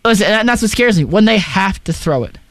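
A high-voiced young man co-hosts a casual sports talk show with blunt, skeptical opinions. His voice is recorded dry and close, with no room sound. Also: animated, a little fast, gravelly, a bit bright, dry recording. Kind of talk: casual sports radio chat.

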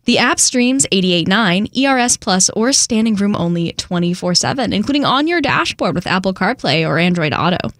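A woman radio DJ chatting casually between songs, relaxed and conversational. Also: mid-range voice, normal speed, hardly any pauses, no echo, clean studio sound. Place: radio studio. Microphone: studio microphone.

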